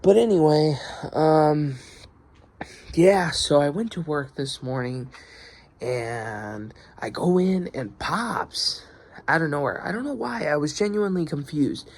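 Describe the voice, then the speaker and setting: Gravelly-voiced man venting casually. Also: on the high side, expressive, slow. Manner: profane, rambling, frustrated venting with many restarts. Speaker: vlogger. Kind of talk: casual video diary rant.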